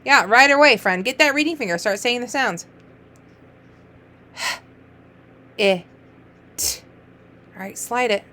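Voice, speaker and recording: Bright, slow-talking woman teaching children to read. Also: a little high. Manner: encouraging, sing-song, playful praise with gasps and exaggerated excitement; slow, drawn-out letter sounds. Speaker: reading teacher. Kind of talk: early reading lesson for young children.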